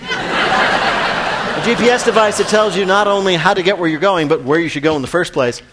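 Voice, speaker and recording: A man hosting a radio quiz show in an upbeat, brisk, emphatic way. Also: high-pitched, heavy background noise.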